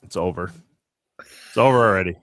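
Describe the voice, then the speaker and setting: A man's voice: low-pitched, moderate pace, fairly bright tone, no room sound, clean studio sound. Sarcastic man cursing on a live stream. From Minnesota. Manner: sarcastic, profane, self-deprecating. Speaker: podcast co-host. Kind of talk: casual wrestling podcast banter. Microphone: video call.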